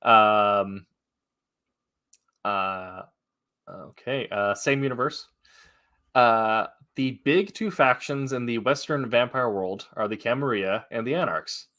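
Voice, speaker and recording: A man hosting a casual online trivia game, relaxed and laughing often, with many fillers. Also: medium pitch, slow. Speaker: trivia host.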